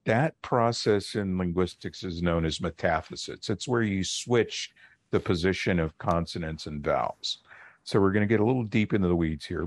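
Deep-voiced man explaining on radio. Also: no room sound. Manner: measured, lecturing with pauses. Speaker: linguist guest. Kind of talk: explaining on a call-in radio show.

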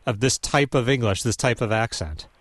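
A man's voice: mid-range voice, moderate pace, dry recording. A man hosting a radio interview, asking questions in a curious, conversational way. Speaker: radio host.

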